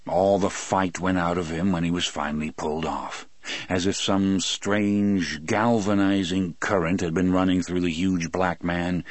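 Deep-voiced, slow male audiobook narrator. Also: no room sound. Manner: measured, grave, unhurried storytelling. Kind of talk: scripted first-person audiobook narration.

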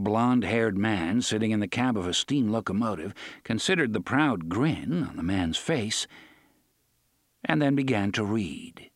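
A male audiobook narrator with a slightly husky, mid-pitched voice and a lively, varied melody. His reading is expressive and recorded close and dry, with no room around it. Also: no echo. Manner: expressive storytelling, varied delivery. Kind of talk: scripted narration.

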